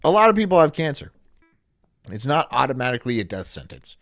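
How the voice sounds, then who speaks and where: Sarcastic, lively-voiced streamer man. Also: medium pitch, fast, gravelly, no room sound, studio quality. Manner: sarcastic, rambling, laughs often. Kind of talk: casual reaction stream chat.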